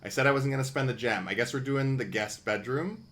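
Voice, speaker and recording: A man streaming a video game live, chatting casually and thinking out loud with wry asides. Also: medium pitch, brisk.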